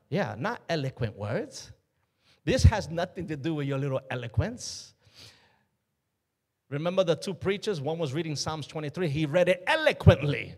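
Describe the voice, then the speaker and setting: Emphatic preaching man, fairly high voice. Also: expressive, moderate pace, breathy edge. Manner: emphatic, call-and-response preaching with sudden loud bursts. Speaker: pastor. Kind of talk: sermon.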